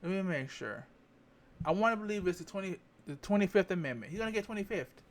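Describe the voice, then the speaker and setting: A man's voice: sits high, animated, fast. A man giving candid political commentary to camera, rambling, repeating phrases and stopping to check his facts. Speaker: vlogger.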